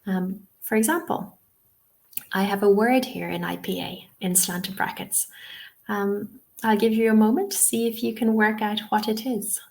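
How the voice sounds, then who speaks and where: A woman with a medium-pitched, slightly mellow voice, fairly even intonation, and some vocal fry speaks at normal speed. As a TEFL teacher trainer leading an online webinar lesson, she explains patiently and reassuringly, with frequent "um"s and "okay?" check-ins.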